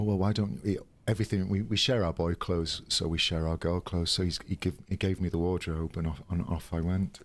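Very deep-voiced man chatting. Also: fairly bright tone, no echo. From United Kingdom. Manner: chatty and hesitant, many ums and restarts, laughs often. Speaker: drag performer, interview guest. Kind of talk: casual interview storytelling.

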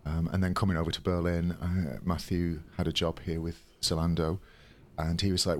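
A British man in his thirties, a drag performer, tells stories as a guest in a casual interview. His deep voice is flat and moves at a normal speed with hardly any pauses, though he's chatty and hesitant, full of ums and restarts.

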